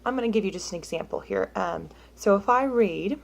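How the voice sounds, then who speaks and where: A woman's voice: mid-range voice, animated, creaky. Chatty woman teaching step by step. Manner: chatty, many "um"s and "okay?" check-ins; slows down and drops to a whisper when reading scripture aloud. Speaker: music teacher. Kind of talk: casual instructional talk.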